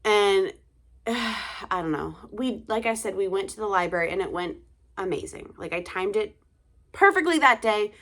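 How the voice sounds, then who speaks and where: A woman's voice: medium pitch, animated, normal speed, a bit bright. A young woman, a tired mother of two, chatting casually to camera in a rambling way with many fillers and sighs.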